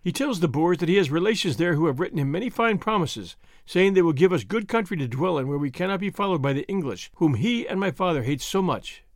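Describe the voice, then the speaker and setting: Guy reading as a sad earnest young woman, soft and solemn, dry close mic. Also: fairly high pitch, animated, fast talker, few pauses, dry recording. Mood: tender, sorrowful. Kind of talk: audiobook reading.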